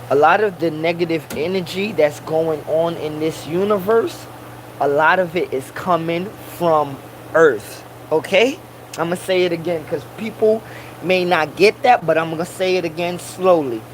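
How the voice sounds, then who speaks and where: A man's voice: a little high, a little hiss or hum, poor audio. A man in a casual monologue who preaches and repeats his points for emphasis, using Rasta slang and Caribbean English grammar.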